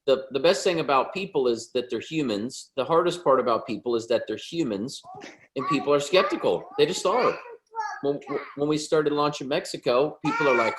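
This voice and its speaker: A man in his thirties hosting a video call, giving an upbeat, joking sales pitch. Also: expressive, brisk, reverberant, background noise.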